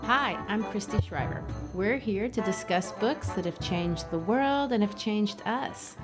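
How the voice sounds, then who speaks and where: A woman co-hosting a literature podcast, explaining ideas in a thoughtful, lively way. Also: mid-range voice, unhurried, music in the background. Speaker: podcast co-host. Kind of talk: casual literary discussion.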